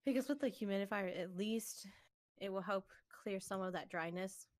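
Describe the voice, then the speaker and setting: Here a woman co-hosting a relaxed podcast conversation animatedly recounts stories, acting out what people said and laughing frequently. Her pitch is medium and her pace normal.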